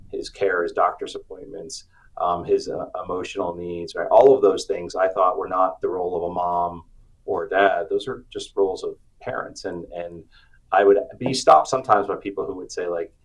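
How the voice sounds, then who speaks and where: A middle-aged man, an author being interviewed, telling personal stories with animated acted-out quotes. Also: deep voice, normal speed, rough recording. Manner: animated storyteller, acts out quotes. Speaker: author and guest. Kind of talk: storytelling interview chat.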